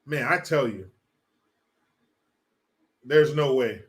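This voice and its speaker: A man's voice: medium pitch, slow. A man hosting a casual livestream, reading chat and ranting with lots of profanity and laughter. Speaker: live stream host.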